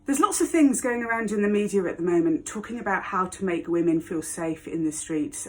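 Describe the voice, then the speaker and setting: A woman telling a personal story to camera, frank and blunt, often laughing as she speaks. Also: fairly low pitch. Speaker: vlogger.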